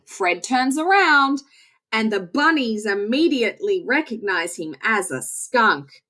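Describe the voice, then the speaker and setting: A woman reading a children's story aloud in a slow, expressive storytelling way. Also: a little high.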